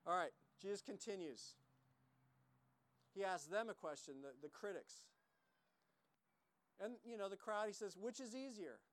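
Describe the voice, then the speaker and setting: A man's voice: high-pitched, measured pace, pauses often. A man preaching a sermon, emphatic and repetitive, acting out quoted lines as he teaches. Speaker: pastor.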